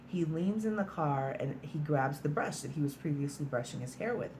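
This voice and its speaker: A woman's voice: sits low, lively intonation, normal speed, darkish tone, slight background noise. A woman casually recapping a film's plot in a chatty, storytelling way, sprinkled with "like" and mild swearing. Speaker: movie reviewer.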